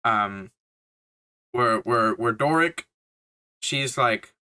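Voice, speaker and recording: Bright-voiced young man ranting casually. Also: mid-range voice, unhurried, pauses often. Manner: swears a lot, laughs, filler-heavy slang. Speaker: movie reviewer. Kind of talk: casual rambling movie review.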